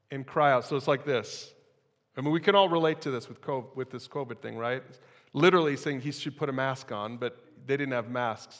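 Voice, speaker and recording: A man's voice: mid-range voice, fairly bright tone, in a large hall. A man preaching a sermon as pastor, in a conversational style with casual asides to the congregation.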